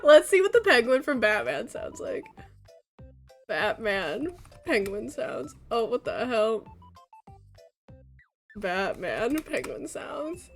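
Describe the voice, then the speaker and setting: A young woman streaming a game, chatting casually and breaking into loud laughing shrieks. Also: fairly high pitch, very animated, slow pace, long pauses, soft background music. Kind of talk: casual gaming stream chat.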